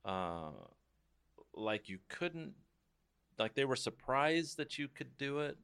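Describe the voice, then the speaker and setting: A man's voice: medium pitch, big pitch swings, slow pace, a bit bright, clear, resonant tone. A man hosting a casual interview, chatty and encouraging, often backing the guest up with short replies. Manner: chatty, encouraging, frequent backchannels. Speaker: interviewer, host. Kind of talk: casual conversation.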